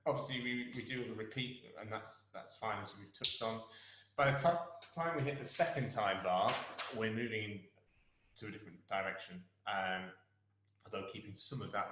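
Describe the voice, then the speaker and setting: A man's voice: sits low, a bit bright. A man conducting an orchestra, talking players through a movement in an encouraging way and singing phrases to show them. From England. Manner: encouraging, sings phrases to demonstrate. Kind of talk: rehearsal guidance to musicians. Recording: very echoey room.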